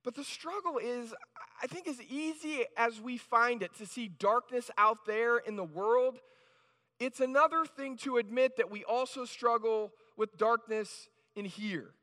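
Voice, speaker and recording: High, bright-voiced man preaching in a hall. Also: a little slow. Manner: conversational, with frequent restarts and "right?" asides. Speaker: pastor. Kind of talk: sermon. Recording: reverberant hall.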